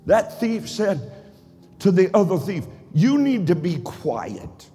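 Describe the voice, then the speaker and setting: A man preaching in a high, ringing voice, drawing his lines out slowly before they rise into shouts. His words roll through a church hall with a long tail of reverb, while faint music plays underneath. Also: very animated. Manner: rhythmic preaching, swells to shouts. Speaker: pastor. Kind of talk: sermon. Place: church sanctuary.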